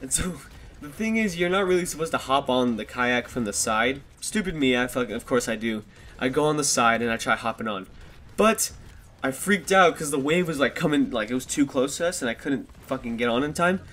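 Talking into a desktop USB mic, a twenty-something vlogger rambles through a story for his viewers, cursing a lot and laughing at his own expense. His medium-pitched voice is expressive, fairly quick and a bit bright, with slight background noise behind it.

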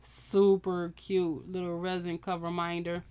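A woman's voice: lowish voice, flat delivery, measured pace, a little mellow, clean tone. A woman with chatting casually to viewers while unboxing a crafting kit. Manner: chatty, talks to viewers and camera. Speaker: crafting vlogger.

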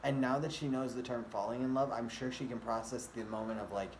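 A man talks casually to his camera and rambles, full of fillers, restarts and loose asides. His voice sits at an ordinary middle pitch. The room around him is echoey, with a faint hum of ambience behind. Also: steady tone, a little fast, few pauses. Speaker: vlogger. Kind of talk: casual rambling vlog talk.

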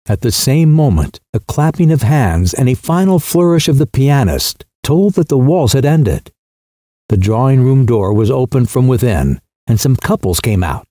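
Mellow-voiced male audiobook narrator. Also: very animated, normal speed, dry recording, studio quality. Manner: voices characters with pitch shifts.

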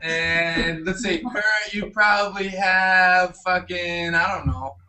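A man's voice: high voice, fairly even intonation, slow pace, bright, forceful tone, reverberant. A brash man swearing and bantering in a casual group chat, picked up from a distance. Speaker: cast member. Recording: distant mic with light noise.

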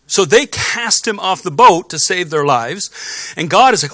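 Male pastor, fairly high voice, lively sermon storytelling, dry close sound. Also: unhurried, no echo. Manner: animated storytelling with sound effects. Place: church sanctuary.

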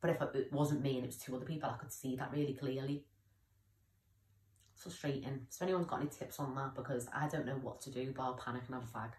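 A woman's voice: rumbling low, fairly even intonation, fast, a little mellow, reverberant. A young woman talking candidly in a personal vlog, rambling and often losing her train of thought. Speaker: vlogger.

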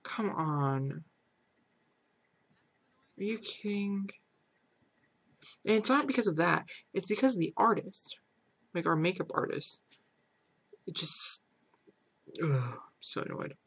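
A man hosting a casual let's-play commentary, chatty and excitable, with lots of fillers, who often slides into exasperated ranting. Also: high voice, slow, long pauses, slightly rough. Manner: heavy filler "like", "super duper". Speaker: gaming channel host.

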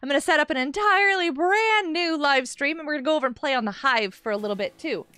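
A woman's voice: high voice, fast talker, bright, forceful tone, no room sound, clean studio sound. A woman chatting casually on a gaming live stream from a carpeted room at home, giggly and laughing often.

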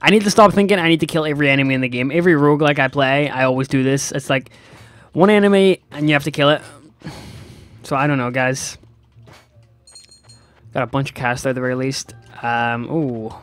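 A young man giving sarcastic, excitable let's-play commentary to his viewers. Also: mid-range voice, a little fast, long pauses, clean tone. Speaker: gaming YouTuber.

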